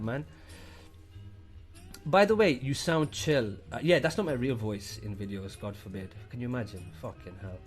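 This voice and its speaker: A young British man streaming live, reading chat and thanking subscribers in a casual, profane way. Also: on the high side. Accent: British English. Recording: faint music behind the voice.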